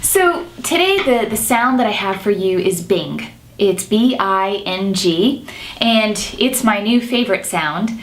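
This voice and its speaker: A woman's voice: medium pitch, lively intonation, measured pace. A woman singing teacher explaining a nasal vocal exercise and demonstrating it in between her explanations.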